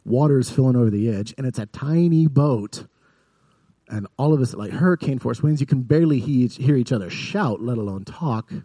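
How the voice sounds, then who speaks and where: A man preaching a sermon in an earnest way, building up to vivid emphasis and then dropping soft. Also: medium pitch, animated, normal speed, husky, dry recording. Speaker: pastor.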